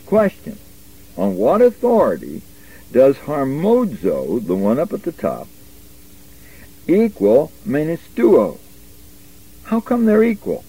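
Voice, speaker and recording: A man teaching a verse-by-verse Bible lesson, stressing single words slowly and emphatically. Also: mid-range voice, mellow, slightly rough, low-quality recording.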